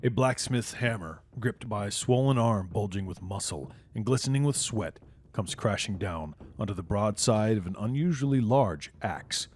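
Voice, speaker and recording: A man's voice: on the low side, darkish tone. A man narrating a tabletop game as the game master, describing scenes vividly. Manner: descriptive, storytelling.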